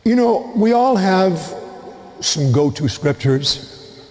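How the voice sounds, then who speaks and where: A man, a priest with a New England accent, reading the Gospel and preaching a homily with slow, deliberate pauses. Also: high-pitched, expressive, darkish tone. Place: church. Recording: long church reverb.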